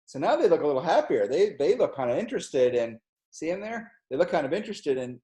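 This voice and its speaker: Gentle middle-aged man reading to kids. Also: a little high, big pitch swings. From New Jersey, US. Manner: slow, gentle, explaining pictures to children. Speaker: college president reading a children's book. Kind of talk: read-aloud storytime. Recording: echoey room.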